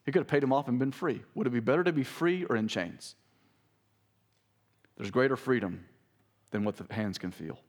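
Preaching at a moderate pace with frequent pauses, a male pastor reads scripture aloud with rising pitch and volume. Every so often he addresses the congregation directly with asides like "listen".

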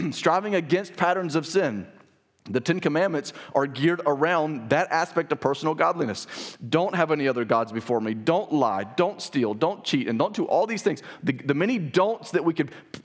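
A man preaching a sermon to his congregation, earnest and emphatic, often clearing his throat. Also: a little high. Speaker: pastor. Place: church sanctuary.

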